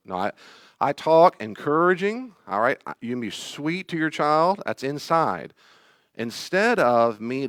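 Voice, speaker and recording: A man's voice: medium pitch, fairly bright tone, dry recording, studio quality. A man teaching a Bible study class in a rambling, self-deprecating way, often acting out inner dialogues in a raised voice.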